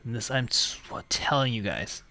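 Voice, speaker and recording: Bright-voiced man telling a rambling story. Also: medium pitch, animated, moderate pace, gravelly, soft background music. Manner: rambling, laughs often, mock phone-menu voice. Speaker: call-in show host. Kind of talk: casual storytelling chat.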